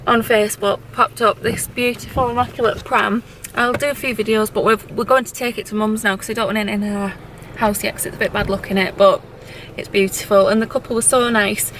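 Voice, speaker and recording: A woman chatting casually to camera in a vlog, emotional and quick to laugh, with lots of "like"s. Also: a little high, fairly bright tone, a little hiss or hum. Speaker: vlogger.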